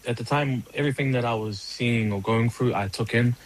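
A man's voice: mid-range voice, a little fast, rough recording. A man from Niue, an athlete, speaking reflectively in a plain-spoken interview.

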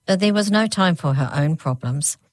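Low-voiced woman reading a storybook. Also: expressive, normal speed, no room sound. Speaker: audiobook narrator. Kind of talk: scripted storybook narration.

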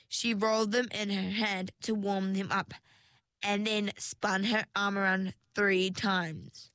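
Unhurried woman reading a storybook. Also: medium pitch, dry recording. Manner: measured, expressive reading. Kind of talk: storybook narration.

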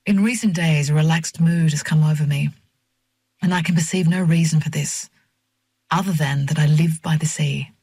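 A woman narrating a first-person novel in a measured, reflective reading voice on a close mic. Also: low-pitched, a little mellow, husky, no echo. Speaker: audiobook narrator.

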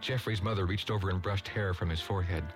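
A man narrating a story aloud, expressive and doing voices for each character. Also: low voice, quick pace, over music, low-quality recording. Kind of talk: audiobook story reading.

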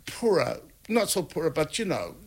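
A man, a guest telling animated anecdotes, laughing often and acting out what people said. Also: a little high, moderate pace, slightly rough. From North Island of New Zealand. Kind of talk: anecdotal storytelling.

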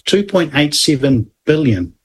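Husky man explaining science. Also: on the high side, very animated, a little slow. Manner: explanatory, rambling with restarts and asides. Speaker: podcast co-host explaining astronomy. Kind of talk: casual science chat.

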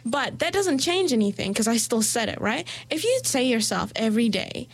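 A young woman talking casually with a friend, her voice sitting a little high. She rambles in an easy way, scattering "like" through her sentences and laughing now and then. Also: sing-song, normal speed, breathy edge. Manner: chatty, heavy use of "like", laughs easily. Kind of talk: casual chat.

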